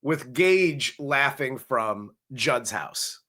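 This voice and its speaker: Male co-host for a crude comedy review, bright, forceful voice, plot-recap duty. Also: mid-range voice, lively intonation, very slow. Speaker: podcast co-host. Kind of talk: casual comedic movie review.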